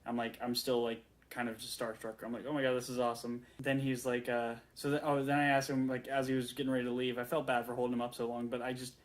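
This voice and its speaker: A man in his late twenties telling a story in a rambling, excitable way, full of fillers and restarts. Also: medium pitch, fast, hardly any pauses. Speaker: vlogger. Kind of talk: casual storytelling rant.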